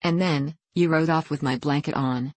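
A woman's voice: low voice, fairly even intonation, moderate pace, no room sound. A woman reading aloud, voicing a tired young cowboy who answers curtly and tartly. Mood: dry. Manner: curt and tart. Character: weary young male cowboy, curt.

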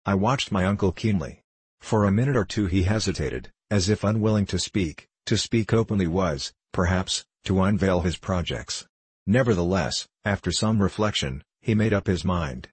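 A man narrating a classic novel as an audiobook, in a measured, formal manner. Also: low-pitched, lively intonation, husky, no echo.

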